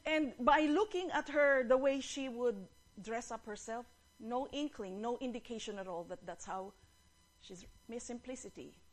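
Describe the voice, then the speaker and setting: A Filipino-accented woman giving a chatty sermon, switching freely between two languages. Her voice sits a little high for a woman. She talks the way one tells stories to friends, loose and lively. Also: moderate pace. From Philippines. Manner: conversational, mixing English and Tagalog, animated storytelling. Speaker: preacher.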